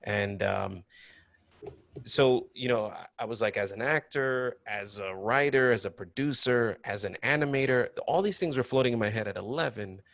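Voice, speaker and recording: A man being interviewed about his acting and animation work, a lively storyteller who laughs often and quotes himself. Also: medium pitch, moderate pace, creaky, no echo. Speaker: guest, actor and animator. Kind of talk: casual interview chat.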